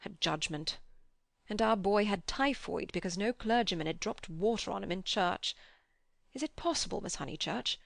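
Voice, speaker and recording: Woman reading a sorrowful old man, quavering, slow, gentle, gravelly, dry sound. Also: medium pitch, lively intonation, dry recording. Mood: anguished. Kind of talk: audiobook character reading.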